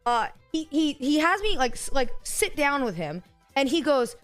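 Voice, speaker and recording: A woman streamer telling a story casually to her live chat, animated and profane, laughing as she goes. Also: sits high, moderate pace, soft background music.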